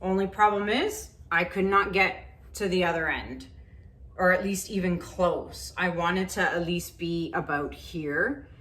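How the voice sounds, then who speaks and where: Her lowish, slightly bright voice unhurried, an acrylic pour painting vlogger chats to herself and her viewers while she paints. She is talkative and often frustrated, leaving thoughts unfinished, and the recording carries a roomy echo with faint ambient noise.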